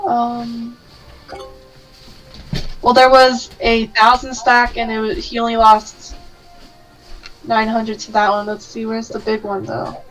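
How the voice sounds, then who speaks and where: A woman's voice: on the high side, level tone, slow pace, pauses often, a bit bright, faint music behind, poor audio. Chatty woman commentating a strategy game. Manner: chatty, thinks aloud while searching.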